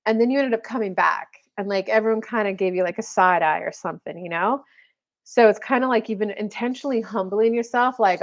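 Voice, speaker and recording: A woman's voice: mid-range voice, a little fast, dull audio. A woman giving a casual, chatty live-stream card reading as a spiritual coach, full of fillers and little acted-out quotes.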